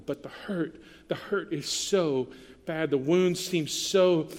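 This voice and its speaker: A man with a slightly high voice preaches in a long-echoing hall. He is earnest and conversational, leaning into tender lines quietly. It sounds like a church sermon. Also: unhurried. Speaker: pastor.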